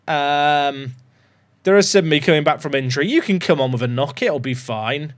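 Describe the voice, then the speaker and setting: At a moderate pace, a young man who makes gaming videos on YouTube talks through a football management game in a casual, joking manner. His high-pitched voice moves widely up and down, breaking into loud excited shouting.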